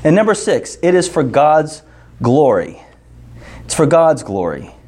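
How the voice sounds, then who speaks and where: A man's voice: a little high, big pitch swings, a little slow, mellow. Joking conversational male preacher. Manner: conversational and joking, lists numbered points. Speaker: pastor. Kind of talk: sermon teaching with scripture readings.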